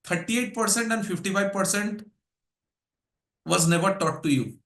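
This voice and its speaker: High, bright-voiced coach. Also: male voice, moderate pace. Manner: energetic, drills points with rhetorical questions and lists. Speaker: English speaking coach. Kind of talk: live workshop teaching.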